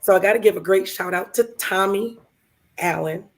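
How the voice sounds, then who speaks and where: A woman tells a personal story on a live talk show. Her voice is gravelly and hoarse, sitting in a middle pitch. She speaks with feeling and briefly takes on the voices of the people she describes. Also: moderate pace. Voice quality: gravelly, hoarse from vocal cord lesions. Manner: emotional, heartfelt, voices others in her story. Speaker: podcast co-host.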